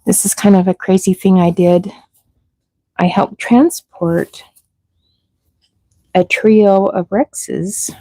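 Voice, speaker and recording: A woman's voice: medium pitch, steady tone, slow pace, pauses often, warm tone, no room sound, rough recording. A middle-aged woman breeding rabbits, chatting casually on a livestream and talking sweetly to the baby bunnies.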